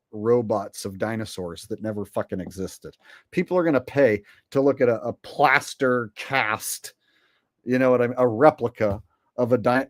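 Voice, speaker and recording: A man's voice: medium pitch, no echo, studio quality. A man hosting a commentary vlog and reading viewer donations, with a rambling, sarcastic and profane way of talking.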